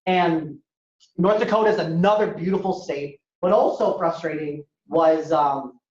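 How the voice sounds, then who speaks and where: A man giving a lively storytelling talk as a guest speaker at a university, acting out dialogue in a casual way. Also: fairly high pitch, unhurried. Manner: animated, acts out dialogue, casual. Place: university lecture hall. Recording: echoey hall, dull lo-fi sound.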